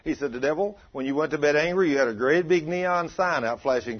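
A man's voice: a little high, a little fast. A man preaching a sermon, telling a story with acted-out dialogue and quoting scripture. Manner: animated, acts out dialogue, quotes scripture. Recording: dull lo-fi sound.

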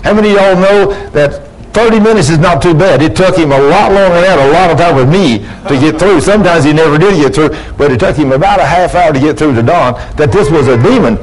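A man's voice: fairly high pitch, fast, rough recording. Preacher telling stories to his congregation. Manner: storytelling, acts out dialogue with rising emphasis. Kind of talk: sermon. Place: church before a congregation.

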